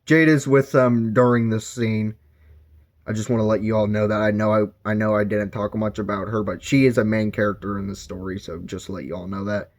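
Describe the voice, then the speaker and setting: A man's voice: lowish voice, fairly even intonation, brisk. A man giving a casual book review, rambling with lots of fillers and self-corrections.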